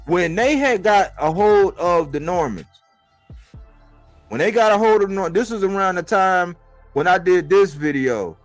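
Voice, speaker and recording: A man's voice: high-pitched, expressive, measured pace, no echo, soft background music. A man co-hosting a casual boxing talk live stream, emphatic and profane, hammering his points again and again. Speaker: boxing commentary co-host.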